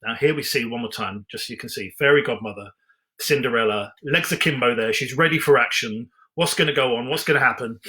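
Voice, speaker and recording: Guy reading a storybook out loud, bright voice, jokey little asides. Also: mid-range voice, a little fast. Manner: playful, chatty, mock-earnest commentary.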